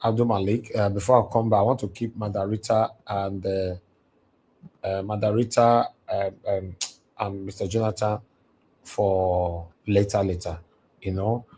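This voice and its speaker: A man's voice: on the low side, flat delivery, unhurried, mellow, husky. Preachy Nigerian man hosting a live stream. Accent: Nigerian, with Pidgin. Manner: preachy, repetitive, mixing English and Pidgin. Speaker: livestream host. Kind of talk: impassioned live-stream monologue. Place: alone in a large house. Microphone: computer mic on a live stream.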